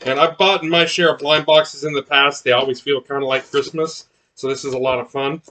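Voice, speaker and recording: A man's voice: mid-range voice, steady tone, a little fast, pushed and bright. A man chatting casually as he unboxes miniatures, rambling with many fillers and restarts. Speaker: miniatures collector unboxing blind boxes.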